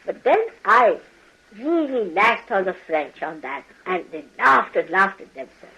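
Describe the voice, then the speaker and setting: A woman's voice: mid-range voice, very animated, unhurried, breathy edge, highs cut off. An older woman speaks to a gathering of followers in a spiritual talk. She scolds and teases them in turn, laughs often, and acts out the people she quotes. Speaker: spiritual teacher. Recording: archival talk recording.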